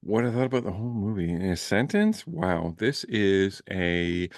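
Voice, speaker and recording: A man's voice: sits low, expressive, moderate pace, dry recording, studio quality. A man from Canada, a guest on a casual movie review chat, talking in playful, enthusiastic bursts.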